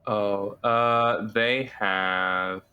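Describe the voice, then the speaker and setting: A man's voice: on the low side, steady tone, very slow, bright, forceful tone, clean tone, lo-fi sound. A man playing in a tabletop roleplaying game, hesitant and unsure, with a lot of fillers as he explains his moves. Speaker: player. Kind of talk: casual tabletop game chat.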